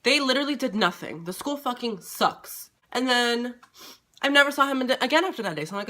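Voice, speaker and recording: A man vlogging a casual storytime, retelling it in an animated, profane, dramatic way. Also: very high voice, moderate pace.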